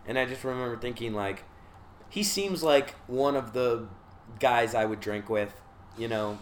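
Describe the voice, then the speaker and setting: A man's voice: mid-range voice, measured pace, a little hiss or hum. A man from Charleston, South Carolina, casually telling a long story about his time in rehab. He swears freely and slips into voices for the people he quotes. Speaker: guest recounting his rehab stay.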